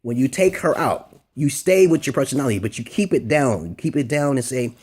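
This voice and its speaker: A man's voice: medium pitch, expressive, brisk, darkish tone, breathy edge. A man vlogging crude dating advice in a rambling, unscripted monologue, bluntly checking in with "okay?".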